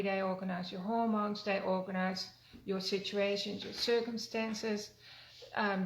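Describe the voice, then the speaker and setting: A woman with a gravelly, creaky voice leads a spoken wellness talk in an echoey room. She talks gently and repeats phrases, and her pitch stays flat and even. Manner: gentle, repetitive, with fillers. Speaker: wellness teacher. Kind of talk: spoken self-help talk.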